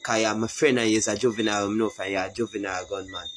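A man's voice: fairly low pitch, fairly even intonation, quick pace, a little hiss or hum, rough recording. A man with a Jamaican accent delivering a heated, repetitive social media rant that calls out a fellow artist.

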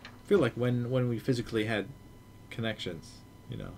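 A man's voice: mid-range voice, normal speed, vocal fry, a crowd in the background. A man in his thirties co-hosting a podcast, chatting casually in a rambling way with hesitant restarts. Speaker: podcast co-host.

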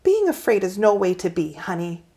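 Brief: tender, soothing storybook mother, soft and comforting, read by a woman. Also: mid-range voice, big pitch swings, moderate pace.

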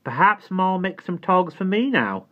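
Guy voicing a cheeky little street girl, squeaky high, tinny line. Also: big pitch swings, measured pace. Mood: chirpy. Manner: chirpy, slangy. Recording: tinny phone-like sound.

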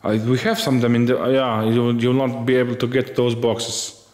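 A man's voice: medium pitch, little pitch movement, moderate pace, a little mellow. A man with a Slovenian accent co-hosting a hobby channel, speaking eagerly and sometimes searching for English words. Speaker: co-host. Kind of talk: casual unboxing chat. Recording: echoey room with long reverb.

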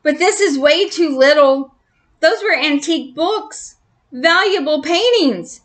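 A woman voicing a nervous, squeaky young male mouse who speaks in a distressed way in a storybook reading. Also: lively intonation, slow pace, bright, forceful tone, full character voice. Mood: upset.

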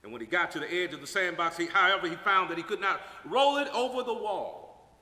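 Male preacher, sermon delivery, high animated voice, echoey hall. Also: fairly quick. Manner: dramatic swings from quiet to shouted emphasis. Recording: echoey hall with long reverb.

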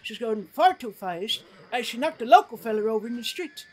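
A woman playing a blunt, stubborn frontier woman in a western role-play game, rambling in rough, ungrammatical talk as a witness. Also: on the high side, lively intonation, a little fast, a little mellow. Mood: indignant.

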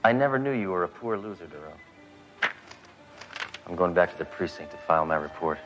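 An actor playing a brash, cocksure male police detective, deadpan in 1980s TV comedy style. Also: sits low, fairly quick, music in the background. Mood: cocky.

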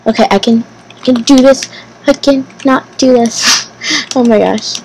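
A woman giving casual gameplay commentary as host of her channel, talking to herself nervously, repeating phrases and bursting into excited exclamations. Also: sits high, a little slow, slight background noise, rough recording. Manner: nervous, anxious self-talk, repeating phrases.

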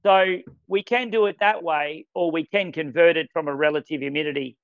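A man running a casual product training demo, talking with enthusiasm and quick exclamations. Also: fairly high pitch, smooth, no echo. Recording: dull lo-fi sound.

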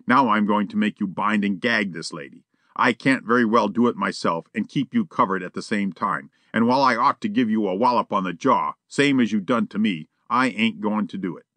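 A man's voice: on the low side, no echo. A man narrating an audiobook, doing a blunt, rambling crook in casual street talk. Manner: expressive, character-driven reading. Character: blunt small-time crook, gruff and rambling. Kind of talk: scripted narration.

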